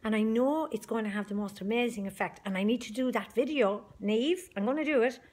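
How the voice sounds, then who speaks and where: A woman's voice: fairly high pitch, a little fast, darkish tone. Brief: middle-aged woman, motivational group leader, chatty and emphatic. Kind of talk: motivational video message.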